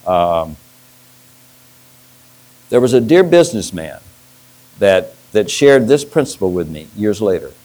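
A man's voice: fairly low pitch, big pitch swings, measured pace, pauses often, a little mellow, low-quality recording. A middle-aged man, a pastor, preaching a sermon and telling stories with restarts. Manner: storytelling with restarts and acted-out quotes.

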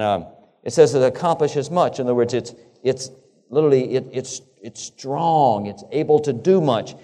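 A man's voice: mid-range voice, dark tone, in a large hall. A man preaching a sermon, often restarting and repeating words and asking his listeners rhetorical questions. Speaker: pastor.

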